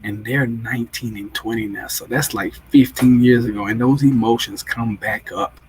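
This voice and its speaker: A man's voice: medium pitch, slight background noise, rough recording. A man in his forties hosting a casual live stream, chatty and emotional as he greets viewers and answers their comments. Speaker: livestream host.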